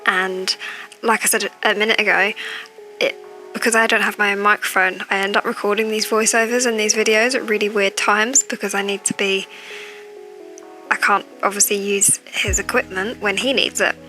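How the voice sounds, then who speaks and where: A woman's voice: medium pitch, fairly even intonation, normal speed, soft background music. A woman with a chatty manner, keeping her voice down as she records a casual voiceover on a cheap, tinny microphone at home late at night. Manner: talking quietly, chatty. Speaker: gaming video creator.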